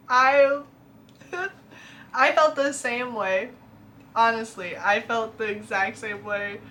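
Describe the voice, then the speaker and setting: A woman's voice: on the high side, slow, sharp tone. A young woman, chatting casually and laughing often as a book vlogger reacts to reviews.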